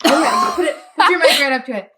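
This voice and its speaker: A woman's voice: high-pitched, expressive, fast talker, heavy background noise. A young woman co-hosting a podcast, giggly and playful in casual chat. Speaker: podcast co-host.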